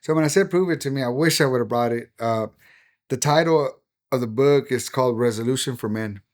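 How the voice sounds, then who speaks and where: Middle-aged man, pastor giving heartfelt testimony; everyday mid-pitch voice, earnest, goes soft on painful parts. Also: a little fast. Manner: earnest, emotional storytelling, drops to a hush on painful moments. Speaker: pastor and podcast guest. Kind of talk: personal testimony in conversation.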